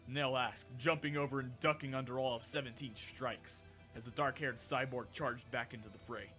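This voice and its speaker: A man narrating a fan audiobook in a steady, even storytelling manner. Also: mid-range voice, moderate pace, husky, faint music behind.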